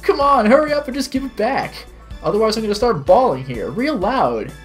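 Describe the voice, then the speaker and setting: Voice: sing-song, fairly quick, faint music behind, close to an everyday voice. A streamer voicing a pushy grown man who whines and begs and seems close to tears, while reading a visual novel aloud on a live stream. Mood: whiny. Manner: pleading, high-pitched and loud.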